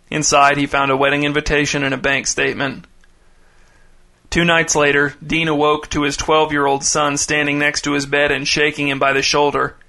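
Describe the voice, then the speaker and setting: A man narrating a short story in a measured, deadpan reading. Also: on the high side, creaky.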